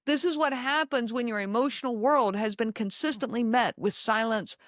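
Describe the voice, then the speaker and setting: A woman hosting a podcast, speaking slowly and emphatically to her listeners and repeating key lines. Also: on the high side, a bit bright, no echo, clean studio sound. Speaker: podcast host. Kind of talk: solo talk to listeners.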